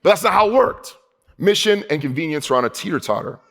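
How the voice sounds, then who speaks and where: A male pastor preaching a sermon in a casual, conversational way, slowing down for emphasis and dropping low and quiet on key points. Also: animated. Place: church hall.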